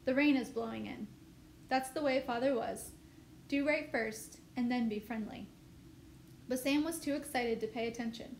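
A woman teacher reading a novel aloud with steady, expressive storytelling. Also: on the high side, normal speed. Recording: echoey room, faint noise.

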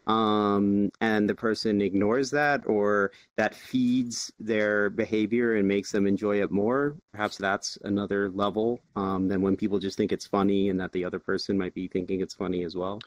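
A man hosting a casual panel discussion, measured as he explains research findings. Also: on the low side, level tone, no echo.

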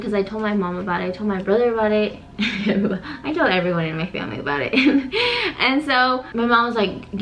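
Young female co-host, chatty storyteller, medium pitch, faint background hiss. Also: a little fast, rough recording. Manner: animated, many fillers, dramatic retelling. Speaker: co-host of a couple's channel. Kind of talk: casual storytelling to camera.

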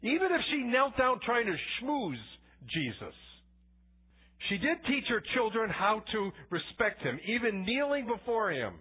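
Husky preaching man on tinny audio. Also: high voice, sing-song, a little slow. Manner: conversational preaching with anecdotes and frequent restarts. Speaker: pastor. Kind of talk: sermon. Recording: tinny phone-like church recording.

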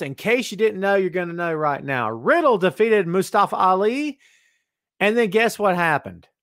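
A man's voice: sits high, fairly bright tone, dry recording, studio quality. A man hosting a live-streamed wrestling podcast in casual, sarcastic chat, reading viewer comments aloud and mumbling to himself while he adjusts settings.

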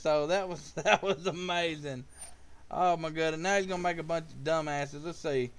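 A man streaming a card game live, chatting with viewers in a loose, profane way and erupting with excited trash talk at his opponent. His voice sits a little higher than most men's and sounds smooth and clear. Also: moderate pace. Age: adult with kids.

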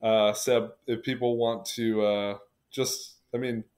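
A man with a low, level voice wraps up his podcast episode. He sounds relaxed and unhurried as he points listeners to his pages. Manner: relaxed, even-toned, plugging links. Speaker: podcast host. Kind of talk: casual podcast sign-off.

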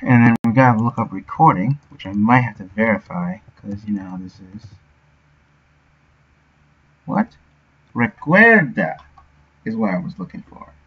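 Over dull, lo-fi audio, a man mutters to himself while streaming game development, sounding out words and thinking aloud. He speaks in a mid-range voice with a breathy edge.

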